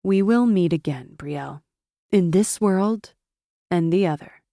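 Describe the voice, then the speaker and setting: A woman voicing a menacing male ghost, speaking slowly and ominously in an audiobook. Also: fairly low pitch, dark tone, no echo, clean studio sound.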